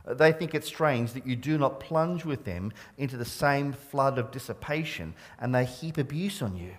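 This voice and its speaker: Preaching with earnest emphasis, this middle-aged pastor from Scotland speaks in an Australian accent still tinged with Scottish. His male voice is medium in pitch, expressive and moderately paced, though he frequently trips over words and starts them again.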